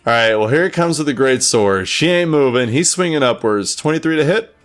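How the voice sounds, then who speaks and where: A man runs a tabletop game as game master, his pitch rising and falling a lot. He is playful and swears when rolls go badly. Faint music plays behind him. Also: lively intonation, fairly quick, fairly bright tone.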